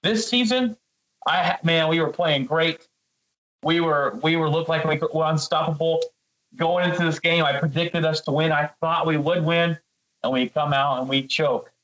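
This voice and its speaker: Poor audio captures a man venting furiously about a football game on a sports podcast, at a moderate pace. His slightly high, bright voice keeps calling to his co-host by name, and he trips over repeated words whenever his temper climbs.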